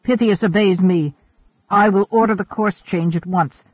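A man's voice: high voice, moderate pace, no room sound. A man voicing a resolute, commanding starship captain who talks firmly. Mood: determined. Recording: narrow, phone-like, dry sound.

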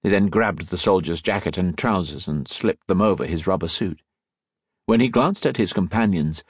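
A man narrating an audiobook in a measured, steady storytelling voice, close on the mic. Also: sits low, husky, no room sound. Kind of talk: scripted narration.

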